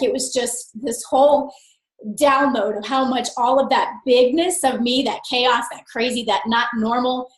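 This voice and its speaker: Woman guest, bright higher voice, expressive storyteller, laughs easily, roomy sound. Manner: lively, expressive storyteller who laughs often. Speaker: interview guest. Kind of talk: conversational interview.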